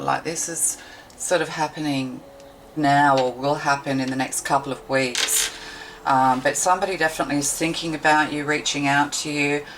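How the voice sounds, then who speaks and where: A woman's voice: low-pitched, noisy background. A woman tarot reader giving a meandering, intuitive card reading, thinking aloud with many fillers.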